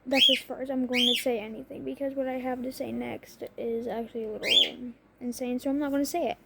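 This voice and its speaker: A woman's voice: sits high, fairly even intonation, brisk, gravelly, heavy background noise. A young woman talking through personal matters in a rambling, self-interrupting way, with a cough. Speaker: vlogger. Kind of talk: personal confessional talk.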